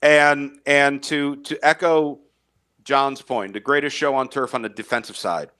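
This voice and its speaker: Bright-voiced man talking sports. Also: mid-range voice, steady tone, unhurried, smooth. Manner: emphatic, repeats words, chuckles at own predictions. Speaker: sports podcast co-host. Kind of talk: casual sports debate.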